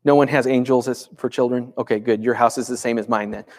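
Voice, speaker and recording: A man's voice: mid-range voice, fairly even intonation, fast, a little mellow. A man in his thirties preaching a sermon in a conversational way, asking the congregation rhetorical questions. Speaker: pastor.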